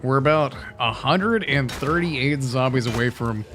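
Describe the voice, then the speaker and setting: A man talks casually through a gaming livestream, rambling and swearing. He cheers at the game now and then. His pitch sits in the middle, and soft music plays underneath. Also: measured pace. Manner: loose, chatty and profane, cheering at the game. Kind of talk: casual chat over gameplay.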